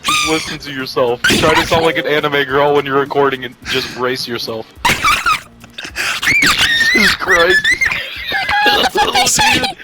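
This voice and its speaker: A man chatting with a friend over voice chat, wheezing with laughter, shrieking high, drawing words out and saying dude constantly. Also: huge pitch swings, measured pace, pauses often, over loud music, low-quality recording. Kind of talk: casual voice chat.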